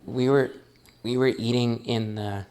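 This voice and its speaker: A man's voice: mid-range voice, steady tone, unhurried, a little mellow. A chatty young man talks casually with friends in a family home. He rambles and restarts often, piling on asides as he goes.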